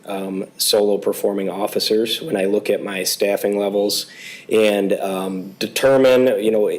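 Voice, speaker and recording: Hoarse police chief, low voice. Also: male voice, steady tone, low-quality recording. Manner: halting, many fillers. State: losing his voice. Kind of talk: report to a township board. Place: township board meeting room.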